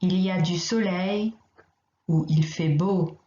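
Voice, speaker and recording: A woman teaching a recorded language lesson, speaking slowly and carefully and repeating each phrase for her students. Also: lowish voice, mellow. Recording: echoey, slightly dull recording.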